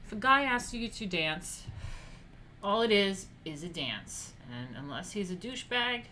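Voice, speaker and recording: A woman's voice: medium pitch, sing-song, a little slow, bright, forceful tone, slight background noise. A woman hosting a casual livestream, reading etiquette passages aloud and breaking off into blunt, profane asides to her viewers.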